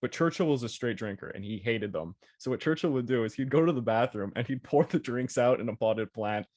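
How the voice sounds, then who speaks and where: A man's voice: mid-range voice, a little fast, no echo, clean studio sound. A man from Quebec co-hosting a podcast, telling stories with frequent laughter in casual chat. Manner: animated storyteller, laughs often. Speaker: podcast co-host. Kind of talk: casual round-table chat.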